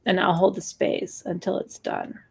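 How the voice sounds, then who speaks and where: Gravelly-voiced woman in her forties pleading earnestly. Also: fairly low pitch, normal speed, a little mellow. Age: 40s. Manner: acts out gasps and sighs. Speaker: spiritual teacher. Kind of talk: live-streamed new moon talk.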